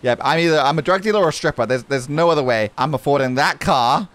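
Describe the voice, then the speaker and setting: A man's voice: on the high side, quick pace. A man giving casual, sarcastic, joking commentary on a horror game. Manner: animated, joking, swears, sarcastic. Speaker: gaming creator.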